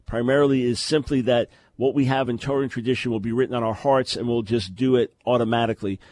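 A man's voice: medium pitch, fairly even intonation, fast talker, a little mellow, dry recording. A man hosting a call-in radio talk show, explaining religious questions in a lecturing way with sarcastic asides.

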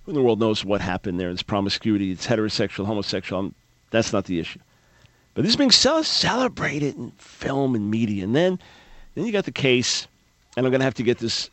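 A man's voice: on the low side, no echo. A man hosting a talk radio show, delivering an opinionated monologue with sarcasm and frequent stammered restarts.

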